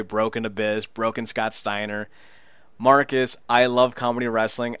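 A man co-hosting a podcast, excitedly recapping a show in casual chat, laughing and swearing as he goes. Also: fairly low pitch, smooth, dry recording. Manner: excitable, laughing, profane storyteller. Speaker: podcast co-host.

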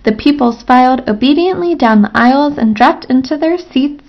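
A woman reading a children's chapter book aloud in a steady storytelling manner, on a lo-fi recording. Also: high-pitched, normal speed, vocal fry. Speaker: storybook reader.

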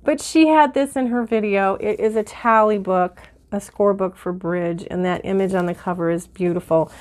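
Middle-aged woman, vlog host, chatty and easily excited, slightly teary, mid-pitched voice. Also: normal speed. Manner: chatty and excitable, with many fillers. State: teary-eyed. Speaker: vlogger. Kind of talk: casual haul and mail-opening chat.

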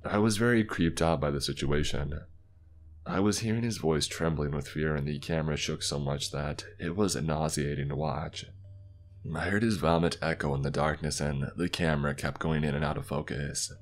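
A man narrating a scripted horror story in a slow, deliberate, somber way. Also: very deep voice, steady tone. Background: faint background music.

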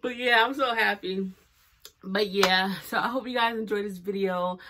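A woman's voice: mid-range voice, moderate pace, background noise. A young woman vlogging about her small business, teary and emotional, speaking in fervent motivational declarations. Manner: animated and expressive, many fillers. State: teary from crying. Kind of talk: casual heartfelt talk to camera.

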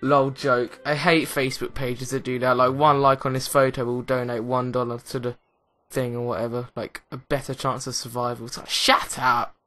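Young english guy doing lets play commentary, bright voice, rambly and excitable. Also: mid-range voice, moderate pace, faint music behind. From England. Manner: rambling, excitable, self-mocking. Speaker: gaming commentator.

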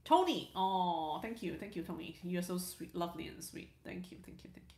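A woman's voice: fairly low pitch, expressive, brisk, a little mellow, echoey room. A woman hosting a casual livestream, reading viewer comments aloud in a chatty way, repeating words and restarting sentences. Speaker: livestream host.

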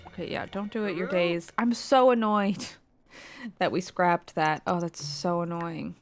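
A woman's voice: fairly low pitch, measured pace, faint music behind. A woman streamer giving casual gameplay commentary, exasperated and swearing, with muttered asides.

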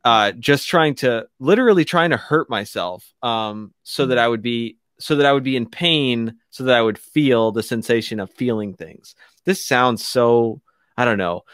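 A man speaks slowly and haltingly as a radio show guest, full of fillers and restarts as he shares something painful. His voice sits at an ordinary middle pitch. The sound is close and dry, as from a studio mic. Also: fairly bright tone, no room sound. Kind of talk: candid personal story on a talk show.

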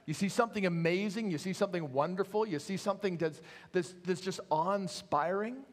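A man preaching a sermon as pastor, earnest and measured, trailing softly at phrase ends. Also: high voice. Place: church sanctuary. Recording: echoey church hall.

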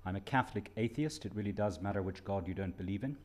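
A man's voice: lowish voice, quick pace, a little mellow, slight background noise. A middle-aged man from Ireland giving a conference lecture as a political science professor, with wry, dry humor.

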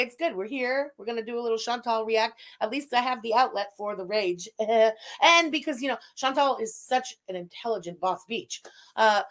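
A woman with a high voice hosts a casual livestream. She talks in an exasperated, profane, venting way, swearing freely as she complains. Between the rants she chats with her viewers. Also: fairly bright tone. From Quebec, Canada. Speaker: livestream host.

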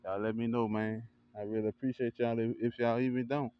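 A man vlogging casually in a backyard, hyping up what he sees with excited cheers and frequent laughs. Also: mid-range voice, a little fast, clean tone, dry recording, muffled recording. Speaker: vlogger and kennel owner. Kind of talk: casual hype commentary. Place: outdoor backyard by a grill.

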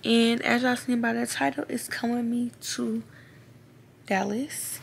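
A woman's voice: a little high, fairly even intonation, unhurried, creaky, a little hiss or hum. A young woman chatting casually to her viewers. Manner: chatty, slangy, talks straight to viewers. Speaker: vlogger. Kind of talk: casual vlog chat.

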